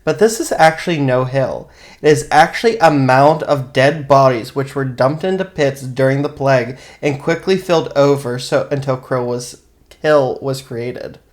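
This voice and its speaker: A man's voice: mid-range voice, normal speed. A man co-hosting a podcast, casually telling a graveyard history with chatty asides. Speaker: podcast co-host and storyteller. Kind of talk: casual chat and read narration.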